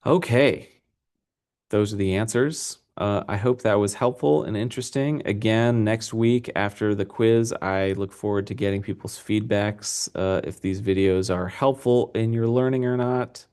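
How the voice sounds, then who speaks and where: A young male teacher with a low voice talks students through exam answers in an unedited recorded lesson. He rambles casually and fills pauses with ums and uhs. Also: darkish tone, clean tone. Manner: rambling, casual, with many fillers.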